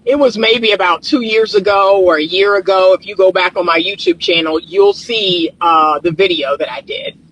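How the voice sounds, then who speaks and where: A man's voice: high-pitched, normal speed, hardly any pauses, fairly bright tone, rough recording. A male therapist with a groggy morning voice, recording himself outdoors on his phone and talking emphatically to his viewers. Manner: emphatic, repeats points, talks to viewers directly. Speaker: relationship therapist. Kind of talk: casual vlog commentary. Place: outdoors in the sun. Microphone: phone held or propped nearby.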